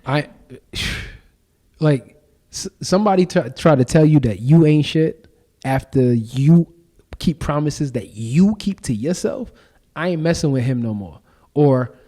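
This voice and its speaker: A man talking casually and emphatically as a podcast guest, full of slang and lively stories. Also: a little high. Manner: animated, emphatic storytelling with slang. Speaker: podcast guest and show founder.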